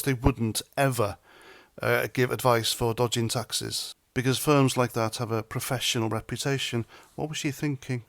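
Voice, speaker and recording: Man from Britain, political commentator, mocking and sarcastic, mid pitch, dead dry sound. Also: no echo.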